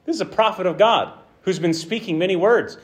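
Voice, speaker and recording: A man with a high-sitting voice preaches a passionate sermon at a slightly fast clip. He swings between loud bursts and hushed lines, acting out the quotes he tells.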